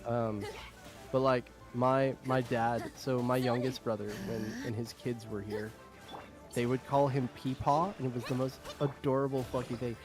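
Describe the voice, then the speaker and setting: A man's voice: mid-range voice, steady tone, normal speed, over music. Casual swearing man. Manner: laughs often, swears casually. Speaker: streamer. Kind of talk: casual chat.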